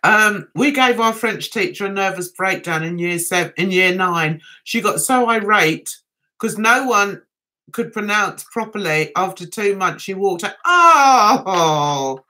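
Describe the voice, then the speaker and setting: A woman's voice: medium pitch, measured pace, bright, forceful tone, a little hiss or hum. A middle-aged woman hosting a casual livestream chat, chatty and giggling often. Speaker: livestream host.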